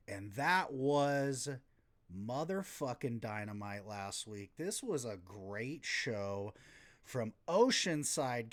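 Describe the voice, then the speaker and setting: A man hosting a podcast, recapping wrestling casually, rambling and sarcastic, swearing often. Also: mid-range voice. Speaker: podcast host.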